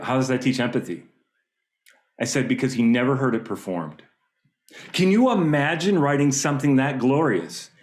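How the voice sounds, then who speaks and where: A man who teaches music, fired up and animated as he tells a story during a panel discussion over a video call. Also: medium pitch. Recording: roomy echo.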